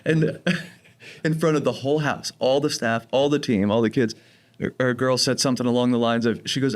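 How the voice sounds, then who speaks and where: A man from New Jersey with a light accent of his home state speaks in a podcast interview. His voice sits at an ordinary middle pitch, and he explains things calmly and patiently with a playful, joking streak. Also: brisk. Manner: calm, explanatory, jokey. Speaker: program director of teen residential treatment.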